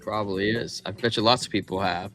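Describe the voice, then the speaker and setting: Chill folksy guy cohosting a stream, bright voice, reads chat out. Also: on the low side, steady tone, fairly quick, faint music behind. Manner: laid-back, folksy, reads chat comments aloud. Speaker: co-host. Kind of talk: casual live-stream chat.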